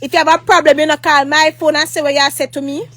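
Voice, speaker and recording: A woman's voice: sits high, steady tone, quick pace, a bit bright. A woman with a Jamaican accent telling a rambling, heated storytime rant, repeating herself, swearing often and breaking into mock prayer. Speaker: vlogger. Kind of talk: ranting storytime monologue.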